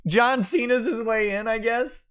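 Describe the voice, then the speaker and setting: A man's voice: very high-pitched, unhurried, smooth. A man hosting a casual late-night livestream, bluntly chatting and reading viewer comments aloud. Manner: blunt, profane, reads comments in a flat run. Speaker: livestream host.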